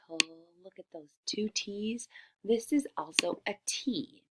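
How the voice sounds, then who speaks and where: A woman teacher leading a reading lesson for young children, stretching her words clearly and often dropping to a whisper. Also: mid-range voice, expressive, very noisy. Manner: slow, drawn-out, over-enunciated words.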